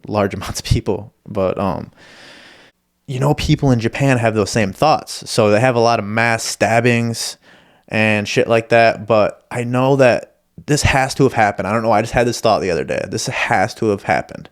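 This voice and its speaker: A man's voice: lowish voice, moderate pace. A young man from Michigan hosting a podcast, telling stories in a profane, rambling, self-deprecating way. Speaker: podcast host. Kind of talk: casual storytelling monologue.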